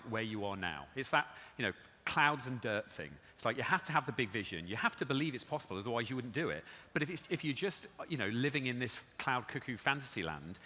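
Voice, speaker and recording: A man's voice: mid-range voice, bright, forceful tone. A man speaking on a conference panel in a casual way, using "like" often. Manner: casual, uses "like" a lot. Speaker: panelist, entrepreneur. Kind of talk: conversational panel talk. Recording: hall reverb.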